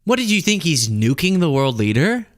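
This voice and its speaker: A man's voice: a little high, sing-song, normal speed. A man hosting a political commentary show, talking casually and sarcastically and laughing often.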